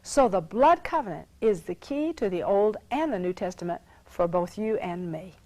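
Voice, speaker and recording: A woman's voice: medium pitch, animated, moderate pace, a little mellow, dry recording, low-quality recording. Emphatic woman Bible teacher. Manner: emphatic, repeats phrases for emphasis; reads scripture aloud with rising emphasis. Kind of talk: teaching sermon.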